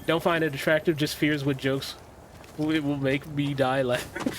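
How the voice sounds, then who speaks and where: A man's voice: on the high side, level tone, moderate pace, over music. A young man streaming a game, chatting casually, joking, swearing and laughing often. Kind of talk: casual livestream chat.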